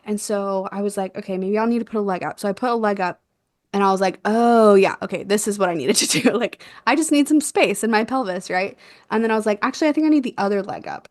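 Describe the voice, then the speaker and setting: A young woman telling a birth story in a casual chat, animated and quick to laugh, acting out what was said. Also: medium pitch, no room sound, studio quality. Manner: animated, laughs often, acts out quotes. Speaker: guest, doula.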